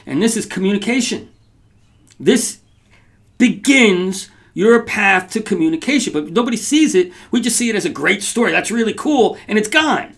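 Male podcast host, fairly high voice with some grit, casual storyteller who restarts lines. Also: normal speed. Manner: animated, rambling with restarts and frequent "right?".

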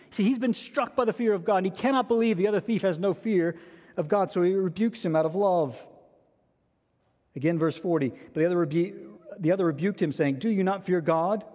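A man's voice: high voice, dark tone, big-room sound. A man preaching a sermon as a pastor, earnest and repeating key phrases for emphasis.

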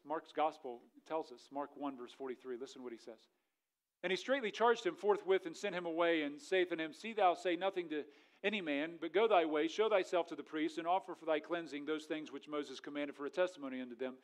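A man's voice: a little high, brisk. Man preaching a fiery sermon. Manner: preaching with rising intensity, then dropping quiet; reads scripture aloud in old-fashioned wording. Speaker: pastor.

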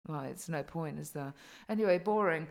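A woman's voice: sits low, moderate pace, vocal fry. A woman co-hosting a podcast in casual chat, chatty and sweary, with lots of ums and likes. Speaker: podcast co-host.

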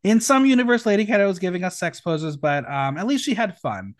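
A man hosting a casual podcast recap, telling it in a lively, playful way with dry asides. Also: sits high, a little fast, no room sound. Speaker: podcast host.

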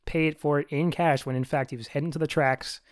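A man co-hosting a casual podcast, retelling a film's scenes in a rambling, animated way and acting out bits of dialogue. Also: a little high, fairly quick, no echo, clean studio sound. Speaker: podcast co-host. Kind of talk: casual movie recap chat.

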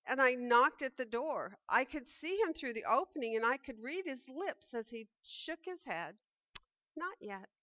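Pleading little teacup in a storybook tale, read by a woman; bright-ish voice, dry dull recording. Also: high-pitched, animated, measured pace, no room sound. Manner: pleading, crying out. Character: suffering little teacup being made.

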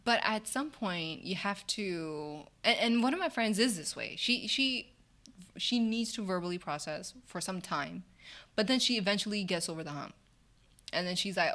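Woman, lower voice, animated, laughing, candid, casual chat. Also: moderate pace. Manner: animated and candid, with frequent laughter and quoted asides. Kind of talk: casual conversation.

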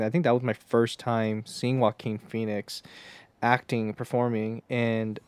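A man in his thirties co-hosting a podcast, chatty and excitable, laughing as he talks about films. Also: medium pitch, dry recording. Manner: chatty and excitable, laughs often, says "dude". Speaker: podcast co-host. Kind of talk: casual film review chat.

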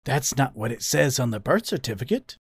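A man voicing an older male fox father, teasing and mischievous with a slow drawl. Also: medium pitch, sing-song, gravelly, no echo, heavily acted. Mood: mocking. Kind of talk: storybook character voice.

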